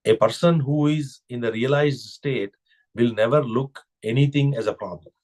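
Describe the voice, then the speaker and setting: A man's voice: mid-range voice, normal speed, a little mellow. Male spiritual teacher, mid-range voice, reflective discourse style, leans on rhetorical questions.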